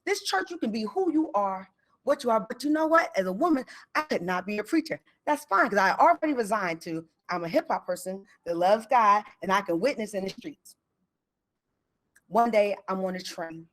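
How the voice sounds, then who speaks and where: Woman storyteller, mid pitch, chatty and animated, acts out quotes. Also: moderate pace. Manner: lively and conversational, acting out quoted lines. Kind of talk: live personal storytelling.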